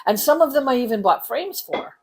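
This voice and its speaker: A woman's voice: high voice, expressive, brisk, darkish tone, breathy edge. A middle-aged woman co-hosting a casual craft chat with her grown daughter, teasing in a snarky, matter-of-fact way. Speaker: co-host, the host's mother.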